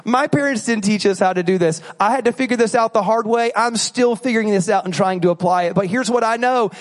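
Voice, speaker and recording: A man preaching a sermon in a church, animated and joking, acting out examples as he teaches. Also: high-pitched, a little fast. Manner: animated, joking, acts out bad apologies. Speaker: pastor. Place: church auditorium. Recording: long reverb of a large hall.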